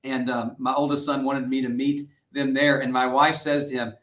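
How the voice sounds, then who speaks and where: Middle-aged coach in an echoey room. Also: male voice, mid-range voice, normal speed. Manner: earnest, animated storyteller who acts out quotes. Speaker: high school football head coach. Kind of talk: interview guest storytelling. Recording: roomy echoey sound.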